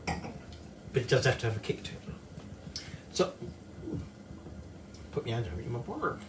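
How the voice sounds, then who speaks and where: A man's voice: medium pitch, huge pitch swings, normal speed, recorded from a distance, noisy background. A middle-aged man with a Northern English accent, chatting his way through a cooking tutorial in his home kitchen and swearing casually. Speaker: home cook. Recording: echoey kitchen from off-mic.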